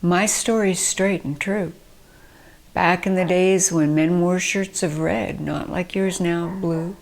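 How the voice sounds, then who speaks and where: A frail old former fire captain tells his tale in a hushed, unhurried voice, as a woman reading a poem aloud puts him on. His words come slowly and sit low in pitch. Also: steady tone, creaky, slight background noise. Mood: wistful.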